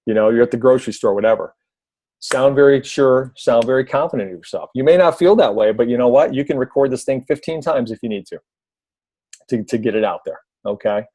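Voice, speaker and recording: A man's voice: medium pitch, brisk, no echo. Chatty man coaching on video tips. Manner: conversational, repeats himself, many fillers and restarts; briefly mimics a loud announcer voice. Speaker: coach giving video tips on a team call. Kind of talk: casual instructional talk.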